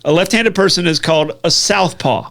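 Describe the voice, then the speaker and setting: An American man co-hosting a casual talk show, chatty and quick to joke. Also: fairly high pitch, a bit bright. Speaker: co-host. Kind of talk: casual chat.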